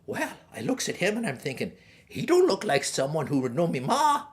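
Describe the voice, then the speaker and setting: A woman's voice: low-pitched, huge pitch swings, brisk. Robbie, a woman playing a folksy Irish farmer. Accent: stage Irish. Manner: folksy, rambling storyteller. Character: chatty middle-aged male Irish pig farmer. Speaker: guest host. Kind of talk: comic monologue in character.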